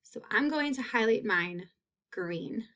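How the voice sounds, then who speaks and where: Slow, patient woman teaching phonics. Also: on the high side, expressive, bright, forceful tone. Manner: slow, stretches out sounds and repeats words. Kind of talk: phonics lesson.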